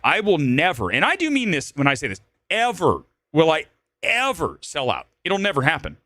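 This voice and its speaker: Man, livestream host, blunt and emphatic, lively pitch, dry close sound. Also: moderate pace, no room sound. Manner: blunt, emphatic, repeats points. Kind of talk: livestream commentary rant.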